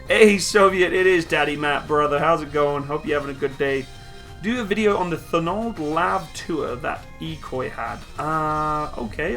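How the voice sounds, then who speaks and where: A man's voice: fairly high pitch, gravelly, pushed and bright. A man hosting a casual live stream from a room at home, reading viewer comments aloud and answering them upbeat.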